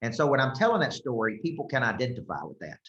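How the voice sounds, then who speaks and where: A man's voice: mid-range voice, sing-song, fast talker, fairly bright tone. A man coaching a group, speaking emphatically and checking in often with "okay?" and "right?". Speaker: business coach. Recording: roomy, slightly dull sound.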